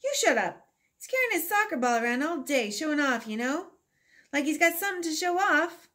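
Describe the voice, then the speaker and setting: Cocky trash-talking teen boy striker, put on by a woman reading aloud, loud and mocking, higher pitch. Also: very animated, fairly quick. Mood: taunting.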